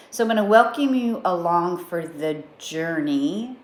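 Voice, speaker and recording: A woman's voice: lowish voice, animated, measured pace. Earnest middle-aged woman in an echoey room. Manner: earnest, heartfelt, self-reflective. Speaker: vlogger. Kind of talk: personal video journal.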